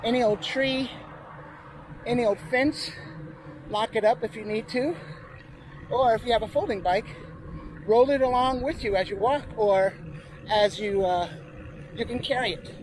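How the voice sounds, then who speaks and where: A man's voice: extremely high pitch, measured pace, pauses often, rough recording. A man chatting casually as he rides a bike outdoors and narrates the route, out of breath at times. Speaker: vlogger. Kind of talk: casual talk while cycling. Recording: loud outdoor noise.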